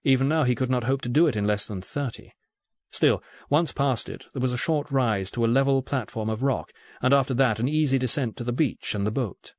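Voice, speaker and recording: Man reading an audiobook, steady even narration, dry close mic. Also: medium pitch, brisk, no room sound. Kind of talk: scripted narration.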